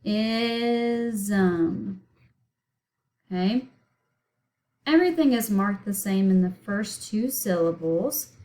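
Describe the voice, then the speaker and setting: A woman's voice: medium pitch, expressive, a little slow, mellow, poor audio. A woman teaching a recorded spelling lesson, patiently sounding out words letter by letter and syllable by syllable.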